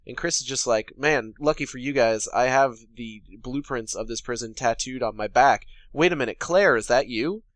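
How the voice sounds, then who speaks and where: A man's voice: medium pitch, normal speed, hardly any pauses, fairly bright tone, no room sound. Profane, sarcastic man recapping a movie. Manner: sarcastic, profane, paraphrases characters in quotes. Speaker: podcast co-host. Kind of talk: casual recap chat.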